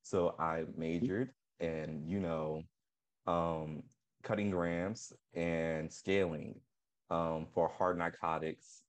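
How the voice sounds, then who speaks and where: A man co-hosting a comedic podcast, telling absurd jokes deadpan and laughing often. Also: low voice, slow pace. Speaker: podcast co-host.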